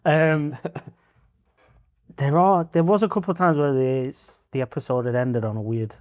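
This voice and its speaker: A man co-hosting a podcast in casual chat, animated and swearing often, laughing as he talks. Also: on the high side, a little slow, no echo. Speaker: podcast co-host.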